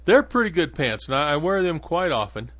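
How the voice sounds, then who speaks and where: A man's voice: fairly high pitch, big pitch swings, a little fast, fairly bright tone, no echo. A man hosting a podcast in a casual monologue, rambling along with many fillers and restarts. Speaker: podcast host. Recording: dull lo-fi dry sound.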